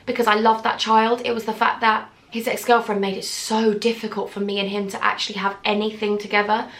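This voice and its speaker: A woman's voice: medium pitch, level tone, brisk, fairly bright tone. A young woman in her twenties telling a personal story in a vlog, tearful, earnest and heartfelt as she speaks straight to her viewers. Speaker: YouTuber.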